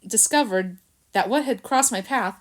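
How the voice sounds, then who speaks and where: A woman narrating a children's storybook in an expressive manner. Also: fairly high pitch, normal speed. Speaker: reader.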